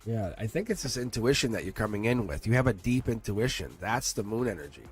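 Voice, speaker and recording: A man's voice: fairly low pitch, big pitch swings, fairly quick, faint music behind. A man giving a livestream tarot reading, rambling and playful, chuckling often and talking straight to his chat. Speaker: tarot reader.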